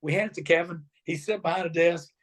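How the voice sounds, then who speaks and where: Middle-aged man, somewhat high voice, lively storyteller, acts out quotes. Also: fast. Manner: animated storyteller acting out quotes. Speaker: former wrestler, guest. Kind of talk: storytelling interview.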